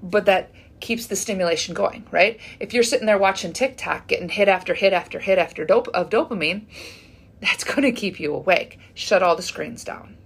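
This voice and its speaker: Gravelly, husky woman giving chatty advice. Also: mid-range voice, normal speed. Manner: chatty, keeps asking "right?". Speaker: fitness coach and menopause community host. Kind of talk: casual advice talk to camera.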